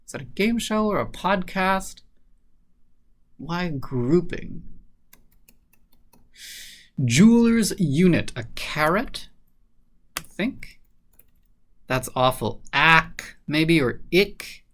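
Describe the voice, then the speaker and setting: A man's voice: on the high side, sing-song, very slow, pauses often, fairly bright tone. A man solving a crossword aloud in a casual, hesitant think-aloud manner, then reviewing the grid. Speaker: crossword solver.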